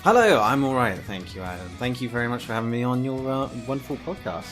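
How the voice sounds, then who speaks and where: Male interview guest, medium pitch, relaxed and self-deprecating, lots of "uh" and "um". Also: fast, soft background music. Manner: easygoing, self-deprecating, fillers. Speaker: game developer guest. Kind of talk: casual interview chat.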